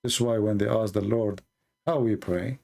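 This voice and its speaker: A man hosting a live call-in stream, earnestly explaining religious ideas with pauses and fillers. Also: on the low side, fairly even intonation, vocal fry, a little mellow.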